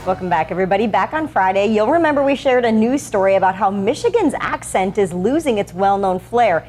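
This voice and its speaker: A woman co-hosting a local TV show, talking in a bright, expressive, chatty way. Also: mid-range voice, brisk, faint music behind. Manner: bright, expressive, laughing easily. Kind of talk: casual TV chat.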